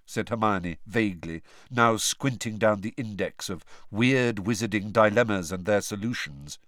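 A man narrating a novel as an audiobook in an expressive storytelling manner. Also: on the low side, normal speed, few pauses, dry recording, studio quality. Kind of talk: scripted narration.

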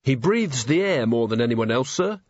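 A man's voice: mid-range voice, animated, normal speed, dry recording, lo-fi sound, natural voice. A man voicing a polite, earnest young male watch captain in an audiobook, deferential to his superior. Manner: deferential, respectful, says sir often.

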